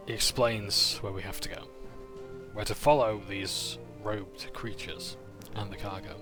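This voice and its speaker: A man's voice: lowish voice, normal speed, over music. A man casually recapping a tabletop game session, with frequent "uh"s and self-corrections as he narrates.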